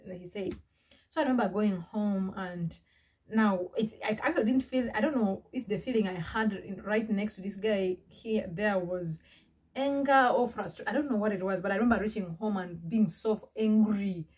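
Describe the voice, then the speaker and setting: A woman's voice: medium pitch, normal speed, darkish tone, breathy edge. A woman from Uganda telling a personal story in a chatty, restarting vlog style. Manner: chatty, repetitive, with many restarts and fillers. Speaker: vlogger.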